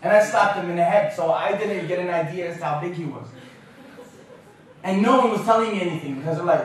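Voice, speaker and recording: A man giving a university talk, telling an animated, self-mocking story. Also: high voice, fairly quick, a little hiss or hum. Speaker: guest speaker. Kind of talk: lecture storytelling. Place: university lecture room. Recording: echoey lecture hall from far off.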